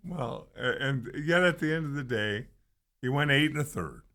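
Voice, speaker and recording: A man co-hosting sports talk, calmly pushing back with reasons. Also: mid-range voice, normal speed. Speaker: sports radio co-host.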